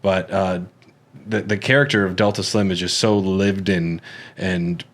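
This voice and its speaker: A man's voice: deep voice, measured pace. A man co-hosting a podcast, talking casually about a film with many fillers and restarts. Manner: relaxed, hesitant, lots of fillers and restarts. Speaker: podcast co-host.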